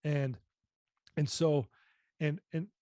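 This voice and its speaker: Earnest man telling his story, mellow voice. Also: fairly high pitch, fairly even intonation, takes it slowly, no room sound, clean studio sound. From United States. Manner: earnest, reflective, often drops voice. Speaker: podcast guest. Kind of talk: personal storytelling.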